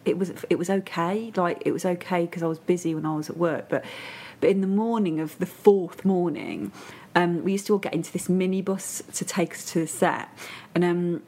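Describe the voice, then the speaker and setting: Husky northern english woman, lowish voice, rambly chatty stories. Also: brisk, a little mellow. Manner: chatty storytelling, many fillers and restarts. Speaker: podcast guest. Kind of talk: casual chat.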